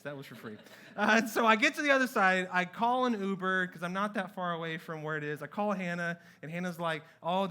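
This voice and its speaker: A man preaching a sermon in a church, telling a story in a lively way and acting out his own past words. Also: sits high. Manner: animated storytelling with acted-out quotes. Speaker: pastor. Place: church sanctuary.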